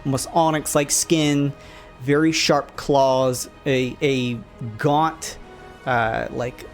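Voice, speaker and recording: A man acting as game master, narrating a tabletop game in a relaxed, rambling way with plenty of fillers. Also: mid-range voice.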